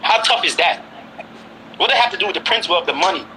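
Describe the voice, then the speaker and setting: A fast, high-pitched man from Brooklyn, New York, in his forties, talking heatedly and pressing his listener with repeated questions. His voice is very bright and sharp, with a faint hiss of background noise. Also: lively intonation, poor audio. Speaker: guest. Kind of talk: heated casual conversation.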